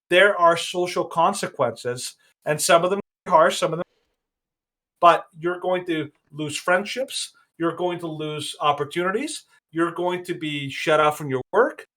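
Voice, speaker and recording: A male podcast co-host gives casual, opinionated commentary in a rather high voice. He talks emphatically, starting over and rephrasing often as he works through his point. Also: fairly bright tone. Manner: opinionated and emphatic, rambling with many restarts.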